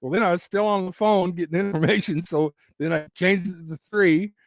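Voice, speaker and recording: A man's voice: high-pitched, steady tone, brisk, no room sound, clean studio sound. A man hosting his YouTube channel in casual live chat from home, rambling with frequent restarts and laughs, his voice wearing thin. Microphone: very close to the mic.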